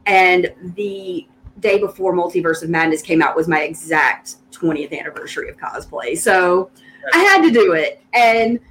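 A woman's voice: on the low side, animated, normal speed, fairly bright tone, rough recording. Enthusiastic Southern woman chatting. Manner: enthusiastic, laughs often. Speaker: podcast co-host. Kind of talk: casual chat.

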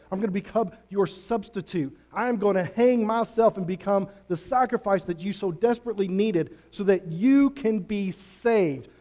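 A pastor voicing a bold, urgent Jesus. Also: male voice, high-pitched, close to an everyday voice. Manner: loud, emphatic.

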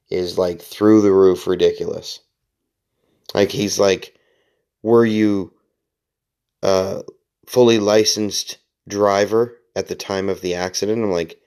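With a low, darkish voice, this man hosts a podcast and casually tells a long, rambling story. It's profane and self-mocking, full of swearing, restarts and frequent laughter.

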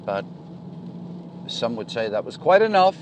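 A man's voice: medium pitch, sing-song, measured pace, background noise. A middle-aged man, host of a podcast, chatting casually in a voice message and rambling with many fillers.

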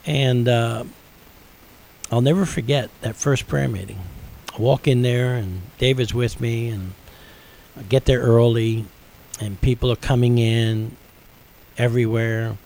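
A man's voice: medium pitch, fairly even intonation, measured pace, gravelly, long pauses, a little mellow, a little hiss or hum, low-quality recording. Middle-aged male radio host, earnest storyteller, ordinary mid-range voice. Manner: earnest storytelling, building intensity. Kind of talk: personal testimony on radio.

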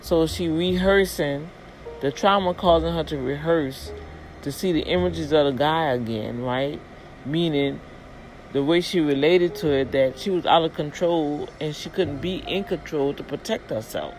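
A woman casually retelling a story, lively and expressive, acting out the people in it and dropping in religious asides. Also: unhurried, faint music behind, low-quality recording. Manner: animated, acts out quoted voices with big pitch jumps.

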